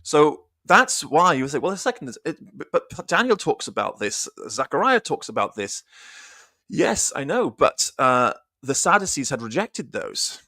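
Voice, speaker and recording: A man's voice: a little high, sing-song, normal speed, sharp tone, dry recording, clean studio sound. A man giving an informal Bible study on a livestream, thinking aloud with restarts and reading passages aloud. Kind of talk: informal scripture teaching on a livestream.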